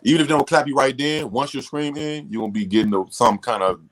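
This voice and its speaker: A man's voice: mid-range voice, quick pace, rough recording. A man hosting a live stream in casual chat, laid-back and slangy, often restarting his sentences. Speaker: streamer host.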